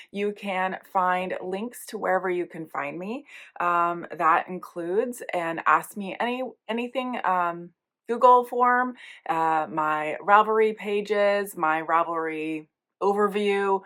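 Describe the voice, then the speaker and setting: A woman hosting a casual knitting podcast, her voice gravelly and hoarse as she recovers from an illness, chatting along with plenty of ums. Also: medium pitch, pushed and bright. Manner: chatty, rambling, many ums. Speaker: podcast host.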